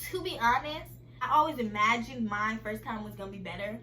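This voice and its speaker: A young woman vlogger telling a casual storytime to her viewers, chatty and animated and often laughing. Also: a little high, fairly quick, slight background noise, poor audio.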